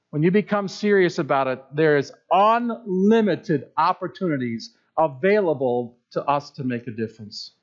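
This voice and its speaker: Male preacher, high pitched, delivers with rising emphasis, muffled sound. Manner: emphatic preaching, swells and drops. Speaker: pastor. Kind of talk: sermon. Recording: dull lo-fi sound.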